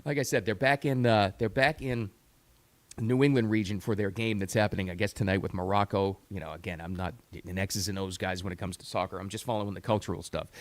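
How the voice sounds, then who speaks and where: A man's voice: on the low side, steady tone, fast, no room sound. A middle-aged man hosting a talk radio show, giving an emphatic, opinionated monologue that repeats words for stress.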